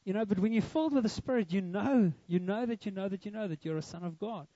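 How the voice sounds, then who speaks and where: A man's voice: high voice, quick pace, dark tone, no room sound, dull audio. A young man preaching a sermon, earnest and emphatic, with a lot of repetition. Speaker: pastor.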